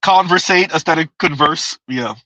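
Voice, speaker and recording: A man's voice: on the high side, moderate pace, pushed and bright, dry recording, dull audio. A man casually chatting on a livestream, reading viewers' comments aloud, rambling and repeating himself with frequent laughs. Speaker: livestream host.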